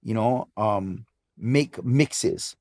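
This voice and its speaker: Animated Hawaiian man in his fifties. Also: lowish voice, extremely slow. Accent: Hawaiian English. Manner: animated storyteller, lively and emphatic. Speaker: guest, DJ and club promoter. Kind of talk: casual interview chat.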